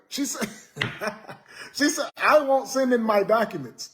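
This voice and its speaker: A man's voice: extremely high pitch, lively intonation, slow pace, fairly bright tone. A man ranting to his viewers on a live stream, exasperated and joking, repeating himself and tacking on "man". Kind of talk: casual live stream rant.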